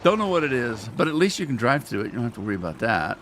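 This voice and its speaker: A man talks through his gameplay as a streamer, joking in a self-mocking, rambling way. His mid-range voice swings up and down with a lot of life. Engine rumble and ambient game noise sit clearly underneath him. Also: big pitch swings, racing, fairly bright tone. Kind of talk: casual gameplay commentary.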